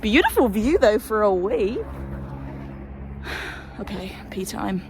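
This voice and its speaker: A woman's voice: mid-range voice, big pitch swings, slow pace. A woman chatting casually and swearing freely as she vlogs a hill walk outdoors, holding the camera herself. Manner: chatty, sweary, self-deprecating. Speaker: hiking vlogger. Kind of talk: casual vlog chat while walking. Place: windy hillside outdoors. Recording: windy outdoor noise.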